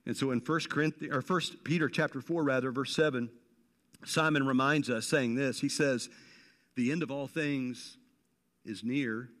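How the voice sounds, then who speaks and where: A man's voice: mid-range voice, fairly even intonation, moderate pace, a bit bright, in a large hall. A man preaching a sermon in a conversational way, repeating phrases for emphasis and dropping in casual slang. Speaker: pastor.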